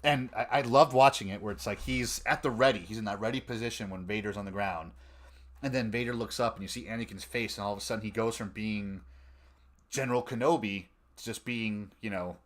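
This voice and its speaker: A man hosting a fan podcast, chatting casually and excitedly, with frequent laughs and fillers. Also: on the low side, fairly quick. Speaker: podcast host.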